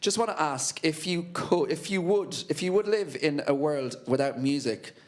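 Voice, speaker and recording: A man's voice: fairly high pitch, expressive, normal speed. A man interviewing a band, asking chatty, rambling questions with fillers.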